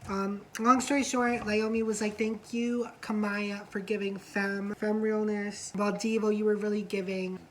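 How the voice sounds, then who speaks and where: Woman co-host, gossipy recap chat, salty language, acts out quotes, mid-pitched, slight background hiss. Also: little pitch movement, normal speed, hardly any pauses, rough recording. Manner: chatty, gossipy, swears freely, acts out quotes. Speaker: co-host of a reality show review.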